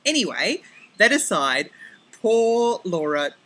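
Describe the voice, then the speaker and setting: A middle-aged Australian woman hosting a podcast, chatting casually and rambling with quick self-corrections and asides, recorded outdoors on her deck. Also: mid-range voice, big pitch swings, a bit bright, low-quality recording. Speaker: podcast host. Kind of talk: casual chat.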